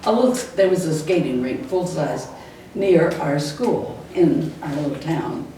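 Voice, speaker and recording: An older woman, once a school teacher, fondly shares stories from her classroom days, chuckling often as she reminisces. Her voice sits low with a dark tone, lively intonation and a measured pace. The recording has an echoey room, a distant mic and faint noise.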